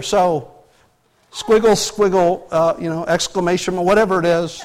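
High-voiced male pastor, folksy. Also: fairly even intonation, unhurried, long pauses. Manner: folksy, asks the congregation rhetorical questions. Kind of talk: conversational sermon.

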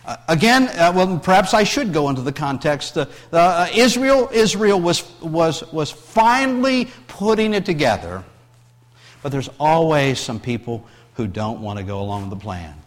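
Preaching in a large hall at a moderate pace, this middle-aged pastor has a fairly high, animated voice. His sermon swings from soft, tender moments to loud, forceful scripture reading, with frequent repeated words and restarted phrases.

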